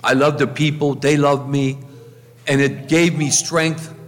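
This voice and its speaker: A man's voice: fairly high pitch, little pitch movement, measured pace. An older man, a pastor, telling chatty, joking stories of his life in a farewell talk to his church. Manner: chatty storyteller, jokes and repeats himself. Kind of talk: humorous farewell talk from the pulpit. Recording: long church reverb.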